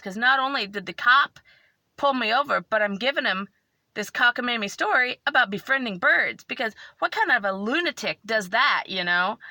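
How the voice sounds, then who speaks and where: Bright-voiced tearful woman vlogger. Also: mid-range voice, no echo. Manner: animated, emotional storytelling. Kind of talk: casual storytelling.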